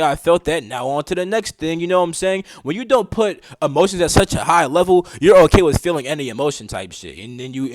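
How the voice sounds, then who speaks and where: A man's voice: a little high, dry recording, poor audio. A young man giving a casual spiritual talk, slangy and swearing, often asking "you know what I'm saying". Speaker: spiritual teacher.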